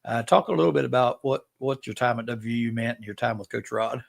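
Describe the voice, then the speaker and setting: A man hosting an interview, asking a long question with halting, filler-heavy phrasing. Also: mid-range voice, gravelly. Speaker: host.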